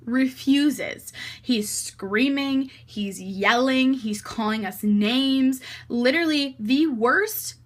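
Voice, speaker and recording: Animated young woman telling a story. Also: high voice, slow pace. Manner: animated, heavy use of "like" and swearing. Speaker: vlogger. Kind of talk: casual storytime vlog.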